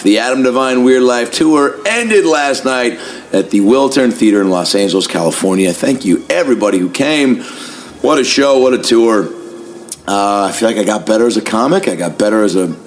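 A man hosting a podcast, talking in a casual, energetic monologue full of swearing and fillers. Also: medium pitch. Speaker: podcast host.

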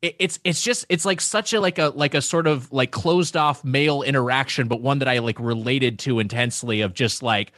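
A man of middle pitch speaks over a webcam, his sound dry and close with no room around it. He rambles and restarts a lot, stringing thoughts together with filler words as a podcast guest. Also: a little fast, hardly any pauses, a bit bright, dry recording. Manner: rambling, hesitant, many restarts and "like"s. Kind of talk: casual chat. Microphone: webcam on a video call.

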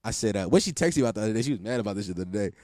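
A man's voice: fairly low pitch, lively intonation, rapid-fire, darkish tone, no room sound, studio quality. Candid, slangy young man telling stories. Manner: candid, profane, slangy, self-mocking. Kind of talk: casual storytelling.

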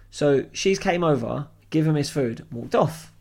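Animated young man telling stories. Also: fairly high pitch, normal speed, creaky. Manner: animated anecdote-telling with acted-out quotes and heavy swearing. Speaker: podcast co-host. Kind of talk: casual storytelling chat.

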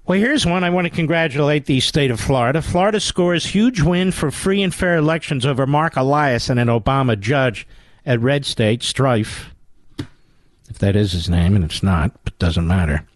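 A man's voice: medium pitch, animated, moderate pace, no room sound. A man with a Philadelphia accent hosting a talk radio show, delivering a sarcastic, combative monologue.

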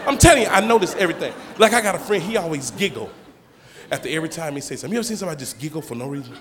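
Animated male stand-up comic on stage. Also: fairly high pitch, very fast. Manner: animated storytelling, slangy, acts out characters. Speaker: stand-up comedian. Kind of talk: stand-up comedy routine. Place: comedy stage before a live audience. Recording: live club hall with crowd noise. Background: audience laughter.

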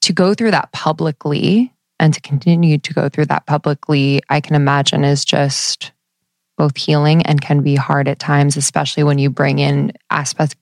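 A woman's voice: low-pitched, flat delivery, normal speed, gravelly, dry recording, studio quality. A woman co-host asking a rambling question in casual chat. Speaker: podcast co-host.

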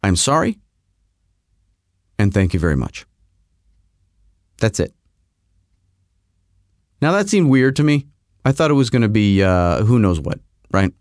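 A man hosting a podcast, telling a rambling story in a casual, animated way with frequent restarts. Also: on the low side, measured pace, long pauses, no echo, studio quality. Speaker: podcast host. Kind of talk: casual monologue.

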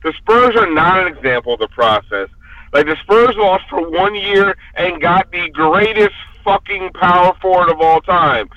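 Drunk guy going off, swearing nonstop, sharp bright voice. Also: high-pitched, animated, normal speed, muffled recording. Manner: profane, heated ranting. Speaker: podcast guest. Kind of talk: casual podcast rant.

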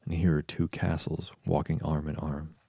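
A man voicing a curious, polite young girl in an audiobook, speaking gently, with a very low, gravelly voice. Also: flat delivery, normal speed, no echo, heavily acted. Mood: gentle wonder. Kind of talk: audiobook reading.

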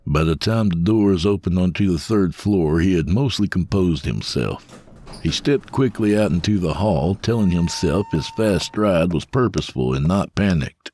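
A man narrating a dark horror story in a measured, scripted way. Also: sits low, expressive.

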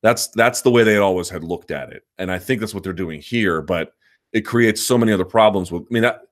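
Low-voiced man rambling through viewer questions. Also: fairly quick. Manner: rambling, restarts sentences, self-assured. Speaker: host answering viewer questions. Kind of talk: live chat, casual and opinionated.

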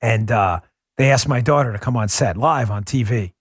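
A man's voice: mid-range voice, moderate pace, husky, no room sound, clean studio sound. A man in his forties hosting a podcast, telling stories in a casual, conversational monologue with many restarts. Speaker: podcast host.

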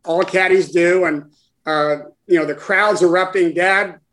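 A man in his sixties, a guest, telling a personal story in conversation in a halting, heartfelt way with many restarts. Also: high-pitched, fairly even intonation, a bit bright, poor audio. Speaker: guest, former caddie for his father.

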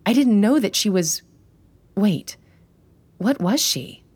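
A narrator voicing a frightened but brave young woman who speaks in halting, flustered bursts. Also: mid-range voice, expressive, a little mellow, breathy edge, dry recording.

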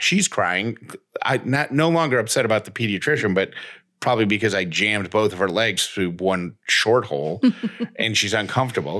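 Podcast co-host, man in his thirties, lively storyteller whose voice swings widely while acting out both sides. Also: on the low side. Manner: animated, acts out both sides of an exchange. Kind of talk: casual chat, storytelling.

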